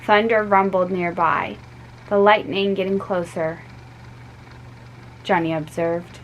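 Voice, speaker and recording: A woman reading a chapter of a children's story aloud, unhurried, with small stumbles and restarts. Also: lowish voice, fairly even intonation, a little hiss or hum, rough recording.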